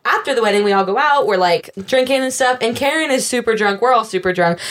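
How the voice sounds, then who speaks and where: A woman's voice: a little high, quick pace, fairly bright tone. A woman telling her own story in casual chat, swearing freely and mimicking the people she quotes.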